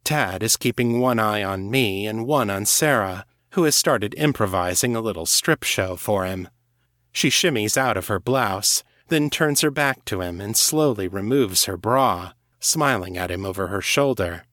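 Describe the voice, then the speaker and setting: A man narrating a first-person audiobook story in a measured, even reading. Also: fairly low pitch, dry recording, clean studio sound.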